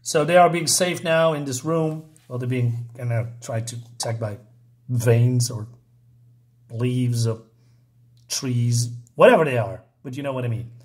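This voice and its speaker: A man's voice: medium pitch, measured pace. A man hosting a channel, reading a comic aloud and reacting in a hesitant, filler-heavy, incredulous way. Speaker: channel host. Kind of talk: casual reading and reaction commentary.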